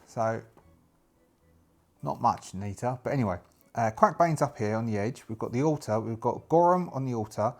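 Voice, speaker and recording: A man's voice: medium pitch, lively intonation, normal speed. A man, narrating a solo tabletop game and thinking aloud as he works through his dice rolls.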